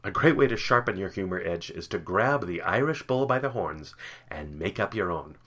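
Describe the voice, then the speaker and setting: A man's voice: low voice, expressive, normal speed, a bit bright, breathy edge. A man hosting a podcast, reading workplace tips in an upbeat, playful, jokey way. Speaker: podcast host.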